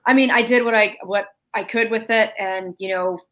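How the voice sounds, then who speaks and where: Chatty woman guest telling a story, mid pitch, voices all the quotes herself. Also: normal speed, rough recording. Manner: animated, acts out quoted dialogue. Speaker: interviewee. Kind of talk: casual interview storytelling.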